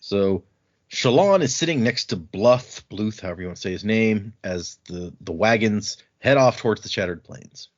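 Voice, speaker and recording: A man hosting a casual book podcast, recapping chapters and slipping into quick voices for the characters. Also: on the low side, lively intonation. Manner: retells scenes with quick put-on voices for characters. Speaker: podcast host. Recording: dull lo-fi audio.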